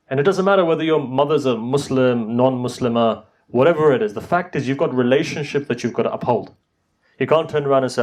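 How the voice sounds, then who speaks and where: A man's voice: mid-range voice, darkish tone. A man giving a sermon, telling stories and pressing his points with rising emphasis. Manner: storytelling, rising to emphatic exhortation. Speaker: Muslim preacher.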